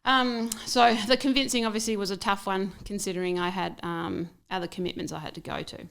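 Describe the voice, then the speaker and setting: Woman, podcast guest, casual, halting delivery, mid-pitched. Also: steady tone, gravelly, a bit bright, clean tone. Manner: halting, many fillers and restarts. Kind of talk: casual interview chat.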